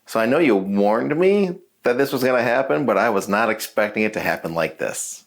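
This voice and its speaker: A man paranormal investigator talking casually in a halting, hesitant way during a ghost hunt. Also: on the low side, lively intonation. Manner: halting, hesitant, often restarting sentences.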